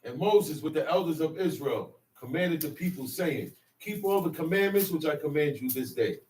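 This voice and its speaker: A man reading scripture aloud in a steady, plain way during a sermon. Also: on the high side, moderate pace. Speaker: scripture reader. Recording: echoey room from far off.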